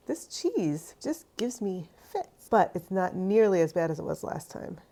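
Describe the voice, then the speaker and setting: A woman hosts a home kitchen cheesemaking vlog, chatting to camera casually with exasperation and a self-mocking streak. Her voice is fairly low and dark, with big pitch swings, and she speaks a little slowly.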